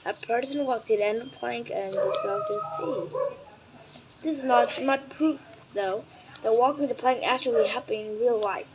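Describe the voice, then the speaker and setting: A woman whose first language is Vietnamese reads a children's nonfiction book aloud in English, carefully and deliberately, sometimes stumbling and correcting herself. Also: fairly high pitch, heavy background noise.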